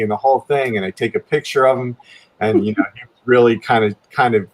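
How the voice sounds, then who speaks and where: A man casually telling a long story with many restarts, his voice jumping up when he quotes himself. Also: fairly quick. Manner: rambling, many restarts, pitch jumps up when quoting himself. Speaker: guest artist telling a story.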